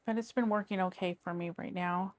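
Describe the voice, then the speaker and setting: A woman's voice: on the low side, fairly even intonation, brisk, darkish tone. A middle-aged woman, chatting casually and rambling as she works on a craft project. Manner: rambling, chatty, trails off and restarts. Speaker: crafting vlogger. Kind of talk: casual chat while diamond painting.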